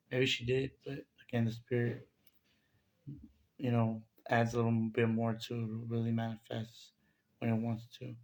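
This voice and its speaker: A man's voice: mid-range voice, vocal fry, darkish tone. A man telling a personal spiritual testimony in a casual, rambling way, with many fillers and restarts.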